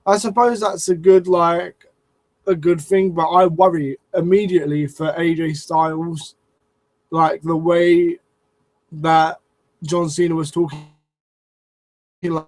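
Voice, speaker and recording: A man's voice: high-pitched, darkish tone, no room sound, low-quality recording. A man reviewing a wrestling show in a casual, rambling way, swearing and restarting his sentences often. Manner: rambling, profane, lots of restarts and fillers.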